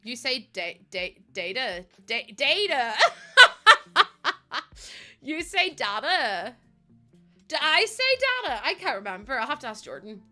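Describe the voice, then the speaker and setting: A woman's voice: sits high, big pitch swings, measured pace, pauses often, sharp tone, faint music behind. An Irish woman streaming a game and chatting casually, rambling, giggling often and swearing offhand. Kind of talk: casual live-stream chat while playing.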